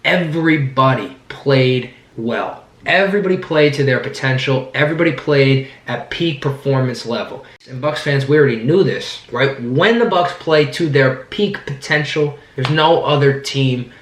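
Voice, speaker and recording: A man with a hoarse voice, hosting his own channel and rambling excitedly about his team. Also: medium pitch, moderate pace, few pauses, roomy sound. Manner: rambling, excited, restarts sentences often. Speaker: sports fan channel host. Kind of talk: casual sports vlog commentary. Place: indoor room, sitting down.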